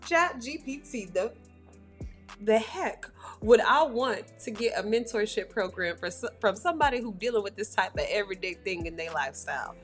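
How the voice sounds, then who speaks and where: A woman's voice: medium pitch, animated, normal speed, soft background music. A woman doing reaction commentary on clips, blunt, exclaiming and profane.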